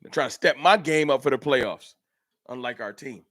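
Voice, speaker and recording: A man's voice: mid-range voice, moderate pace, fairly bright tone, no echo, studio quality. A man hosting a casual fan livestream, talking straight to his chat viewers. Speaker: livestream host. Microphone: camera mic.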